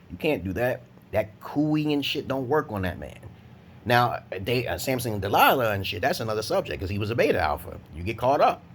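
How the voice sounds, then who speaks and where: A man from Brooklyn, New York, ranting in a profane, rambling vlog monologue, breaking into loud laughing high shouts. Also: a little hiss or hum. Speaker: vlogger.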